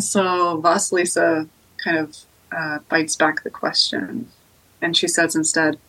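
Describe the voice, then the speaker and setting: A woman retelling a folktale as a podcast guest, relaxed with frequent ums and likes. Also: low-pitched, a little slow, dry recording, rough recording. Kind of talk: casual oral storytelling.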